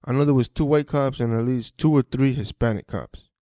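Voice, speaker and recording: A man's voice: medium pitch, brisk, warm tone, dry recording, clean studio sound. A young man hosting a podcast, recounting a personal story in casual street slang, swearing freely and restarting his sentences often. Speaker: podcast host.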